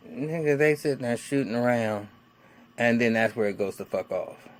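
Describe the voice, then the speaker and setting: A man in his forties giving a casual, excitable, heavily cursing recap of a TV episode. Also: medium pitch, measured pace, a little hiss or hum. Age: 40s. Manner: excitable, heavily cursing, acts out characters' lines. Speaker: TV episode reviewer.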